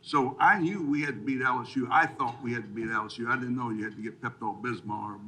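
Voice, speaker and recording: A man's voice: medium pitch, quick pace, pushed and bright, rough recording. An older man, a retired football coach, talking bluntly and jokily in a folksy way and rambling through old dates. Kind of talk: casual interview chat.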